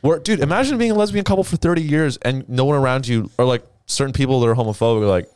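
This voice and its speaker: A man's voice: medium pitch, fast talker, hardly any pauses, darkish tone, smooth, dry recording. A man co-hosting a podcast in casual chat, laughing often and arguing earnestly. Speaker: podcast co-host.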